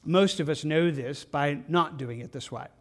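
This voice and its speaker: Earnest man teaching scripture, higher-pitched. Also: normal speed. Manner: earnest, conversational, many restarts and repeated words. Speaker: pastor. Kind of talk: devotional Bible teaching.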